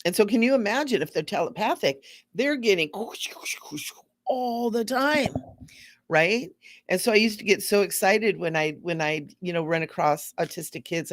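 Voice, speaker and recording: A woman giving a casual, rambling spiritual talk to viewers, gently repeating words for emphasis. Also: lowish voice, creaky, no room sound, clean studio sound. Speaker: spiritual teacher hosting a live stream.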